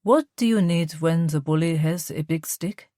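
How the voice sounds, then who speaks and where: A woman voicing a calm, bearded husband who talks in a gentle, sly way. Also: on the high side, moderate pace, no echo, clean studio sound, close to an everyday voice. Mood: musing.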